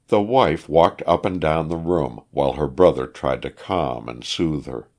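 A man narrating an old-fashioned story as an audiobook, telling it in an expressive, unhurried way. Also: a bass voice.

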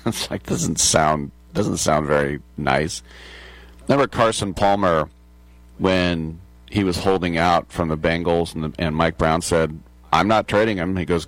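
A man's voice: sits low, a little slow, no room sound. An American man in his sixties hosting a sports talk radio show, rambling and joking through digressions. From United States.

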